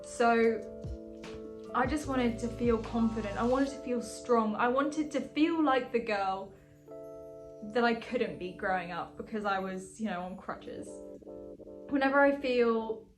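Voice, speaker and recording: A young woman in her twenties speaks straight to her viewers in a casual vlog, earnest and chatty, with lively asides. Her voice sits a bit high. Music plays clearly under her talk. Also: unhurried. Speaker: vlogger. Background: background music.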